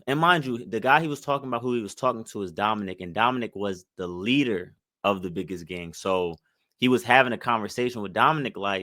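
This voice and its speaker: A man hosts his channel, reacting loosely and reflectively to an interview clip, his commentary stuffed with fillers like "like" and "mind you." His mid-range voice moves at a normal speed and sounds pushed and bright. The recording is dry and studio-clean.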